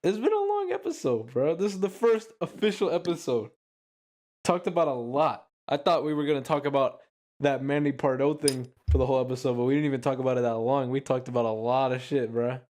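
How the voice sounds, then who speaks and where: A young man hosting a casual podcast with friends. He rambles loosely, packs his sentences with fillers and swearing, and keeps a middle pitch. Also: a little fast, darkish tone. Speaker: podcast host.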